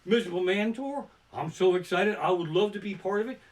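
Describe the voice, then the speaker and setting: A male stand-up comedian from Pennsylvania tells rambling, profane stories on a home live stream from his living room and often bursts into shouted punchlines. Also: high voice, fairly quick, far from the mic. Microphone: simple home streaming setup.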